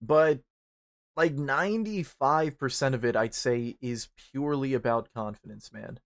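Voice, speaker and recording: A young man chatting casually while streaming a game, rambling and swearing constantly, turning animated when he retells stories. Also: medium pitch, unhurried. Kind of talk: casual chat while gaming.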